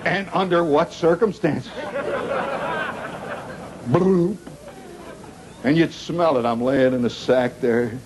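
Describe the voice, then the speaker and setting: A middle-aged man telling a rambling comic story to a live audience, wry and animated, with dramatic pauses and sound effects. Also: on the high side, a crowd in the background. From Indiana, United States. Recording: 1970s live recording with noisy audience.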